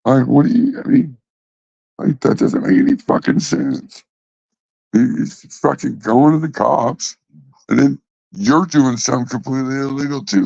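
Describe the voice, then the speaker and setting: A man's voice: medium pitch, moderate pace, gravelly, a little mellow, no room sound. A man hosting a casual livestream, rambling and swearing as he talks back to his chat. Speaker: livestream host. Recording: dull, lo-fi dry sound.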